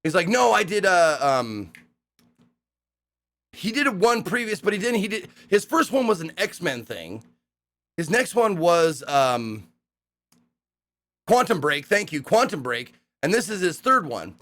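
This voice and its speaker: Young man, casual recap, lively swooping pitch, slightly high voice, profane, rambling. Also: measured pace, pauses often. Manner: rambling, profane, excitable with animated quoted voices. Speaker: streamer recapping a hosting gig.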